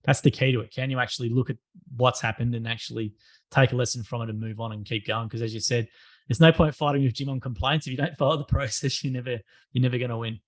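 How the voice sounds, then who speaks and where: A man's voice: mid-range voice, steady tone, fast talker. A man hosting a podcast interview, affirming and laughing along. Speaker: podcast host. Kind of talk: casual interview.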